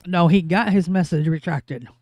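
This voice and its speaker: A man's voice: high-pitched, moderate pace, a little mellow, no echo. A man co-hosting a casual live stream, tossing in laughing, teasing remarks. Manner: laughing, teasing interjections from off to the side.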